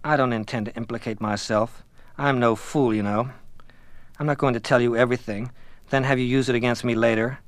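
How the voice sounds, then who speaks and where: Man voicing a guileful teen boy, flat and indignant, mid-pitched, dry recording. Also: fairly quick, dry recording, natural voice. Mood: guarded, indignant. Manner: flat, impersonal, growing indignant. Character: guileful, unstable teenage schoolboy, resentful.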